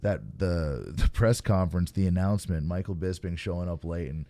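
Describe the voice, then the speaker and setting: A man with a very deep, mellow voice hosts a studio podcast in a relaxed, casual tone. He gives his opinions at an easy pace, stammering into sentences and leaning on fillers. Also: normal speed. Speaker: podcast host. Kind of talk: casual chat.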